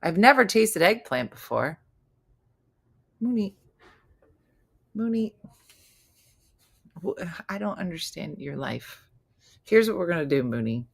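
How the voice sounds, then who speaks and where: A woman's voice: deep voice, very animated, normal speed, vocal fry, breathy edge. A woman in her fifties hosting a casual live chat, reading viewer comments in a chatty, teasing, playfully incredulous way. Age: 50s. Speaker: host.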